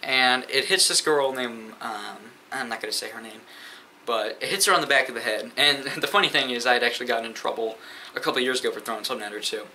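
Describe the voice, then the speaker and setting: A teenage boy, a sophomore in high school, telling school stories in a rambling, profane way with many fillers. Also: fast, bright, forceful tone, slight background noise, poor audio. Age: teens. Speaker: vlogger. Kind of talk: casual storytime rant.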